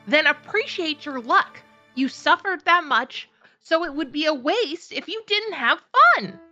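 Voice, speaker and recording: A woman voicing a proud, sharp-tongued teenage girl mage, reading a visual novel aloud in a scolding, exasperated way. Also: high-pitched, animated, slow, long pauses, lo-fi sound, soft background music, exaggerated voice. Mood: teasing.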